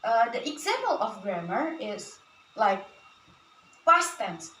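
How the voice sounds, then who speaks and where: Young woman student presenter, Indonesian native, halting; high and slow, recorded from a distance in a roomy space. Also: big pitch swings, sharp tone, a little hiss or hum. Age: young adult. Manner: halting, with frequent fillers and restarts. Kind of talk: class presentation. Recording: echoey room, from a distance.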